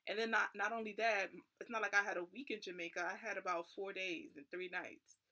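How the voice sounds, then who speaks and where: A woman's voice: medium pitch, fairly even intonation, brisk, pushed and bright. A young woman vlogger tells a personal story casually. She sounds nervous and keeps saying "like.".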